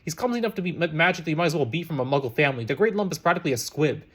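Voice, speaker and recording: A man's voice: on the high side, expressive, racing, a bit bright, slightly rough. A man reading as a drawling, snobbish schoolboy. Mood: scornful. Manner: sneering, bored drawl. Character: haughty eleven-year-old boy, bored drawl.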